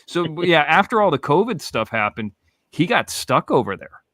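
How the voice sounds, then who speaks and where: A Florida man in his forties hosts a podcast, telling rambling, profane stories in casual chat with a laid-back manner. His voice is a little high, very animated, fairly bright and at a moderate pace, captured in a dry, studio-quality recording.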